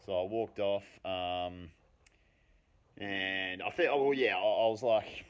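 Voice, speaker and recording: A man telling a personal story casually, animated and full of swearing, with rambling asides. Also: deep voice, unhurried, clear, resonant tone.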